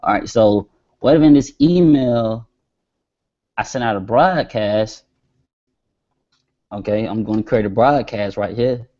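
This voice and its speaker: Guy walking thru a webinar lesson, deepish dark voice, dull lo-fi sound, talks loose and casual. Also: measured pace, long pauses. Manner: casual, talks while typing, stretches words as he dictates. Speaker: marketing webinar host. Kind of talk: screen-share tutorial.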